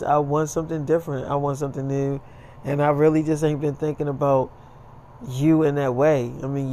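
A man's voice: fairly high pitch, darkish tone, a little hiss or hum, natural voice. A man voicing a blunt young woman who curses and speaks curtly, in a casually told story. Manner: curt, cursing, defensive.

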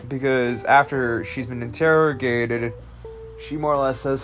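A man's voice: medium pitch, fairly even intonation, measured pace, a bit bright, faint music behind. A man casually recapping a movie's plot, rambling with lots of restarts and fillers.

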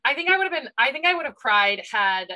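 A woman's voice: high voice, sing-song, fast, pushed and bright, poor audio. A young woman co-hosting a podcast, telling stories animatedly with frequent laughter. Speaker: podcast co-host. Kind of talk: casual chat.

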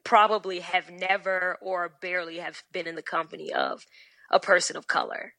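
A woman chatting as a podcast guest, blunt and profane, telling animated stories from her working life. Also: on the low side, normal speed, vocal fry, dry recording, poor audio. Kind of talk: casual podcast chat.

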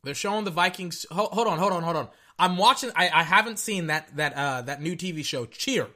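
A young man giving casual, rambling reaction commentary on a football game, excitable and tripping over his words. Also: on the high side, a little fast. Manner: excitable, rambling, stutters and repeats himself.

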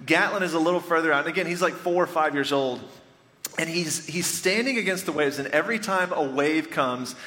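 A pastor in his thirties with a fairly high, bright and forceful voice, telling stories and joking with the congregation in a chatty sermon. His voice rings out with a long reverb, as if filling a large church hall. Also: a little fast. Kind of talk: conversational storytelling sermon. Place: church sanctuary before a congregation.

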